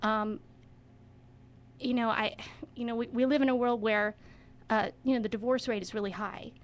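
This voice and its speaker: A woman's voice: on the high side, steady tone, moderate pace, muffled recording. A woman who directs children's theater, talking as a guest in a radio studio interview with enthusiasm and expression.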